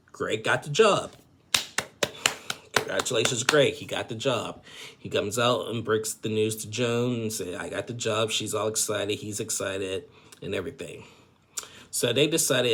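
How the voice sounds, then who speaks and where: A man's voice: fairly low pitch, creaky, a bit bright, slightly rough. A man casually recapping a reality TV episode, rambling with lots of fillers like "like" and "and everything". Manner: rambling, filler-heavy, says "and everything" a lot.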